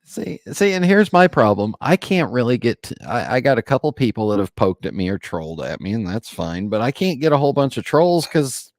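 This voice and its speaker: A man's voice: mid-range voice, sing-song, a little fast, few pauses, no room sound, studio quality. A man who is a podcaster guesting on a casual livestream chat, emphatic, with wry asides and repeated words.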